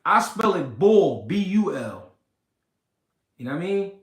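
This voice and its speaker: A man hosting a casual livestream, reading comments and talking slow and deliberate, repeating himself and swearing. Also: high-pitched, big pitch swings. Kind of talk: casual livestream talk about boxing. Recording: roomy echo.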